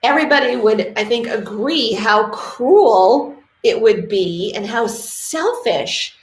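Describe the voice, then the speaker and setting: Middle-aged dog trainer lady, fired up and animated, roomy echoey sound. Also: on the high side, slow pace. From New England, US. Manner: animated, passionate storytelling with acted quotes. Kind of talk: casual talk to camera. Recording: roomy echo.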